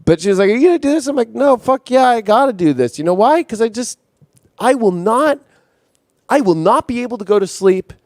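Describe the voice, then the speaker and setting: Intense profane astrologer man, high voice. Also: animated, moderate pace, a little mellow, no echo, clean studio sound. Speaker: astrologer host. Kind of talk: impassioned astrology monologue.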